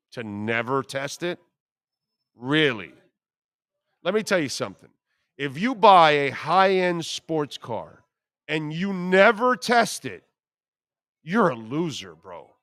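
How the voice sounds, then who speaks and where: A man's voice: fairly high pitch, animated, a little slow, a bit bright, clean tone, no room sound. A man in his fifties hosting a sports radio show, telling brash, profane stories in a casual way.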